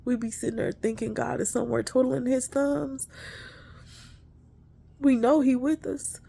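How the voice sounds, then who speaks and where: Gravelly-voiced woman, earnestly preaching. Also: high-pitched, steady tone, a little slow, warm tone, a little hiss or hum. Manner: earnest, preachy, addresses listeners as y'all. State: emotional. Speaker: inspirational speaker. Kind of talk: spiritual encouragement talk.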